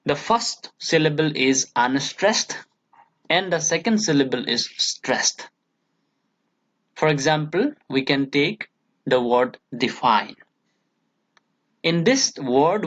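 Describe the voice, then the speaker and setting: A man with an Indian English accent, a college English lecturer explaining verse meter slowly and patiently and checking in with "okay" again and again. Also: a little high, a bit bright. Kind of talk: recorded classroom lecture. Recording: dull lo-fi audio.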